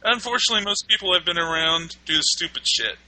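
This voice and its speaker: A man's voice: fairly high pitch, quick pace, pushed and bright, no echo, rough recording. A man guesting on a casual podcast, joking and mildly boastful. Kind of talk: casual chat. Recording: crowd noise behind.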